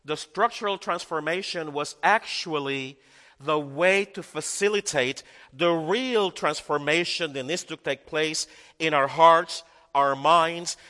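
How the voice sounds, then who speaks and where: A man's voice: a little high, sharp tone, long reverb tail. A male pastor preaching a sermon, emphatic and repeating key phrases for effect.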